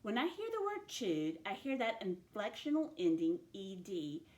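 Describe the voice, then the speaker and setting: A woman teacher giving a recorded classroom lesson, speaking slowly and clearly as she models each word sound. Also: mid-range voice, huge pitch swings, a little mellow, reverberant. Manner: slow, clear phonics modelling, stretching out sounds.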